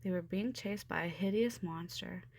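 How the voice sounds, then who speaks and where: A woman narrating a children's storybook with an expressive, steady delivery. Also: on the low side, moderate pace, gravelly. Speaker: storybook reader. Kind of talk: storybook read-aloud.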